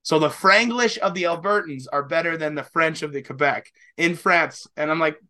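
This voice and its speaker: Casual chat on a podcast: a young Canadian co-host rambles at normal speed, laughing and swearing now and then. His voice sits a little high and sounds pushed and bright.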